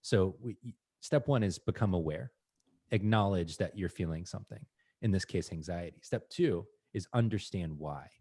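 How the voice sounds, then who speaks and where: An earnest man speaks on a podcast in a fairly low voice. He acts out his own inner thoughts as he explains them. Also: moderate pace, darkish tone, breathy edge. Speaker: podcast co-host. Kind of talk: casual conversation.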